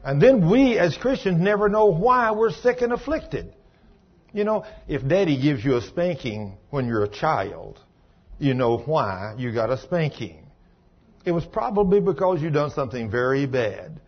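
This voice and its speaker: A man's voice: a little high, breathy edge, muffled recording. A man preaching a sermon, swinging into rising, emphatic exhortation as he urges his listeners on.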